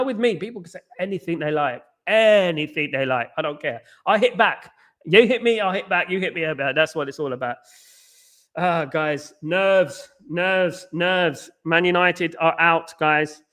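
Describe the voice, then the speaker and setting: Talking straight to his live-stream audience during a football watchalong, a man from England chats in a loose, rambling way, often restarting and using fillers. He has a rather high, bright, strained-sounding voice.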